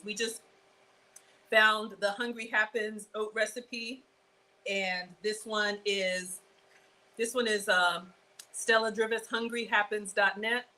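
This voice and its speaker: A woman hosting a live cooking stream, chatty and excitable, talking straight to her viewers. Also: medium pitch, slight background noise, rough recording. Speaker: cooking show host.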